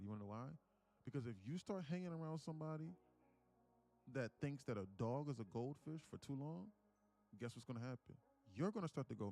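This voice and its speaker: A man's voice: mid-range voice, vocal fry, dark tone. A man hosting a casual live trading stream, rambling and acting out mock dialogues.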